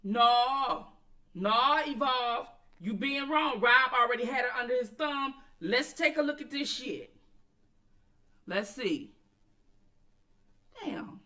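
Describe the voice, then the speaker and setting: A woman's voice: fairly high pitch, lively intonation, slow pace, long pauses, sharp tone. A woman hosting a casual commentary stream, blunt and profane, talking straight back to her chat. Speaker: commentary channel host.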